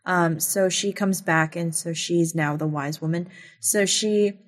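Woman, podcast co-host, casual recap, slow, deliberate, thoughtful. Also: on the low side. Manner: unhurried, thoughtful retelling with fillers.

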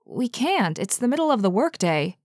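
A woman's voice: mid-range voice, very animated, normal speed, a little mellow, no echo, clean studio sound. A woman voicing a curious, reckless young woman who brushes off danger. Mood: dismissive. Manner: eager and dismissive of danger.

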